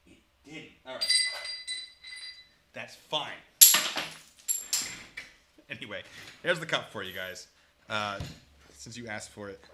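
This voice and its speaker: Over a very noisy recording, a man with a fairly low pitch streams casually and reacts to videos. He chats with his viewers, reads donations aloud, and laughs a lot.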